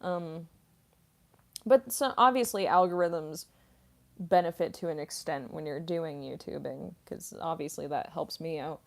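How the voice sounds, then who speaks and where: A woman in her mid-twenties chatting casually on a livestream, soft-spoken and rambling, with lots of fillers and little giggles. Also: low-pitched, measured pace, creaky. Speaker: voice actress streamer. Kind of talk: casual livestream chat reading comments.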